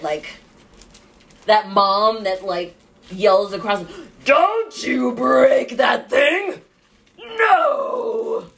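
A young woman and mom rambling in a casual podcast monologue, jittery from too much coffee and laughing often. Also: mid-range voice. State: over-caffeinated jitters.

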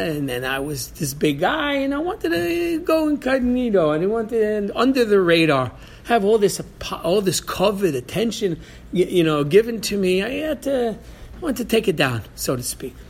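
A man's voice: high-pitched, very animated, fairly quick, gravelly, exaggerated voice. A man voicing a revered old sage who confides his past in a hesitant, reflective way. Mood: confiding. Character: great old male sage, humble and reflective.

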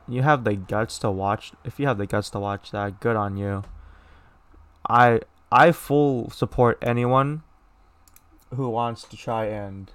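A man's voice: medium pitch, fairly bright tone, smooth. Blunt, swearing young American man. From United States. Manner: blunt and profane, with many restarts and mocking voices. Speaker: podcast host. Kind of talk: casual solo commentary reading news.

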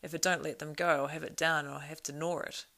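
A woman voicing a stout, loyal male hobbit servant from a storybook. He talks low and blunt, with a homely, plain way of speaking. The voice sits deep with a gravelly rasp. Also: flat delivery, fast talker, sharp tone, exaggerated voice. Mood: determined.

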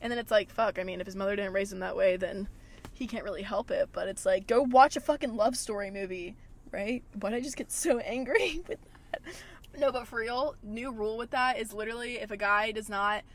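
A woman's voice: mid-range voice, fairly quick. Young woman chatting casually with constant swearing. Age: young adult. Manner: chatty, swears a lot, says "like" often. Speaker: podcast host. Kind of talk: casual chat. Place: car in a gas station parking lot.

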